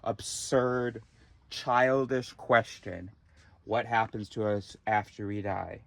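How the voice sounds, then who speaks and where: A man's voice: on the low side, takes it slowly, gravelly, no echo. A man ranting in a profane, exasperated monologue, recorded in a car. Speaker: vlogger.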